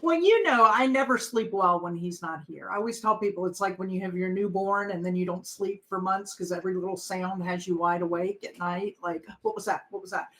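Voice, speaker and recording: A woman's voice: on the low side, fairly quick, hardly any pauses, fairly bright tone, rough recording. A middle-aged woman co-hosting a podcast, chatting casually and rambling with lots of fillers. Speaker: podcast co-host. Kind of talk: casual chat.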